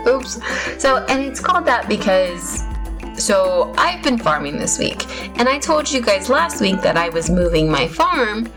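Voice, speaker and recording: A young woman with a medium-pitched voice hosts her gaming channel, chatting casually and rambling through gameplay with self-mocking laughs. The audio is poor, with faint music behind her.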